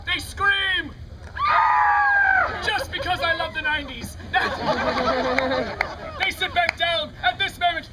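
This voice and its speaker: A woman with a very high voice narrates a rowdy comic play out of doors, jumping between storytelling and teasing asides. She shouts lines for the crowd to echo back. A loud live audience roars around her in an open-air recording. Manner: playful, ad-libbing, calling out lines for the crowd to repeat. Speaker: comedic storyteller leading audience participation. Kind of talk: interactive comic street-theater narration. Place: outdoor fair stage.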